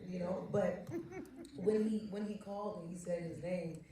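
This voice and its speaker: A woman actor on a panel telling stories in a lively way and laughing often. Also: fairly low pitch, moderate pace, background noise. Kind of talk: animated anecdote telling. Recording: echoey hall, mic far off.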